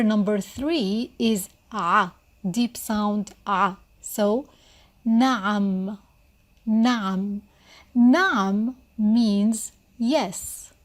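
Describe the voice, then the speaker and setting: A woman teaching a beginner Arabic lesson, speaking slowly and patiently and repeating each word for the learner to copy. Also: mid-range voice.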